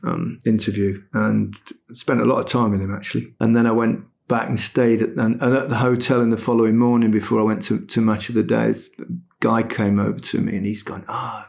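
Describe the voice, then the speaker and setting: Gravelly-voiced male podcast host. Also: fairly low pitch, brisk. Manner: relaxed storyteller, steers the talk. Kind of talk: casual football chat.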